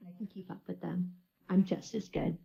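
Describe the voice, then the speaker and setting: A woman's voice: lowish voice, fairly even intonation, normal speed, vocal fry, dark tone, breathy edge, dull audio, heavily acted. A woman voicing a hot-headed young female cat-folk barbarian, boasting in her inner thoughts. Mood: proud.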